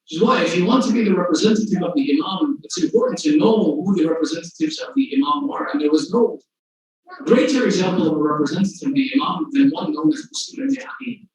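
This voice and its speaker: High-pitched guy preaching, telling stories and acting out quotes, super echoey hall, mic kinda far off. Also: expressive, a little mellow. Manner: earnest storytelling, acts out quotes, slows for emphasis. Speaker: sheikh giving a religious lecture. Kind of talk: sermon. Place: large congregation hall.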